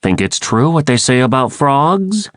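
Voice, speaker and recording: A man voicing a sarcastic, wisecracking teenage boy in an audiobook, raising his pitch a little. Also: big pitch swings, fairly bright tone, no echo, studio quality. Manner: joking, quick quips.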